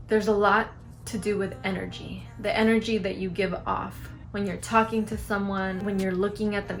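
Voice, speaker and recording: A woman's voice: medium pitch, vocal fry. Frank young woman giving advice, faint music. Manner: frank, animated, acts out quoted lines. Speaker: vlogger. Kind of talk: advice vlog to camera.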